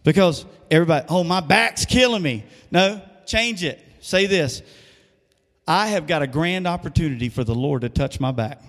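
A man's voice: on the high side, moderate pace, big-room sound. A man preaching a sermon as pastor, conversational and asking the congregation questions. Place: church sanctuary.

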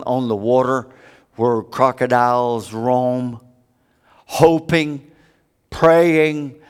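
A man preaching a sermon, with big dramatic swings from loud high peaks to hushed low stretches. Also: clear, resonant tone.

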